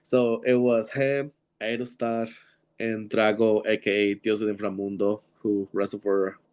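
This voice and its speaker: A man's voice: on the low side, little pitch movement, unhurried, darkish tone, clear, resonant tone. A man from Seattle, a professional wrestler guest, telling rambling anecdotes in a casual interview and acting out quoted dialogue with lots of fillers. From Seattle, USA.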